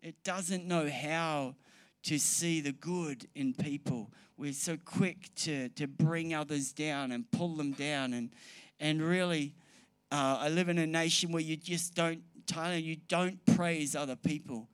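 Guy preaching a sermon, pretty high voice, stumbles and restarts, then gets loud and fired up. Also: steady tone, smooth, dry recording. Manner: builds to loud, fast, passionate preaching.

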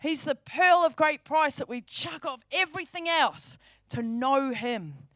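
A woman's voice: sits high, lively intonation, measured pace, fairly bright tone, dry recording, clean studio sound. A woman preaching a sermon, fervent and emphatic, repeating key phrases for stress.

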